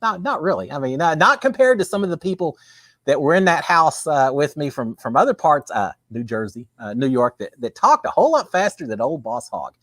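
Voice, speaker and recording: Texan man host, folksy chatter, animated voice, dry close sound. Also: on the high side, brisk, dry recording. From Texas. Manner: folksy, chatty, reads viewer comments aloud. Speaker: livestream host. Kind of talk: casual live-stream chat. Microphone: webcam with green screen.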